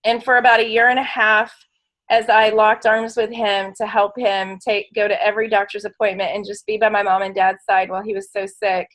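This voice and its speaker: A woman's voice: medium pitch, flat delivery, fairly quick, a bit bright, low-quality recording. A middle-aged woman leading a motivational business training, telling her story in a heartfelt, emotional way. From United States. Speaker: network marketing leader.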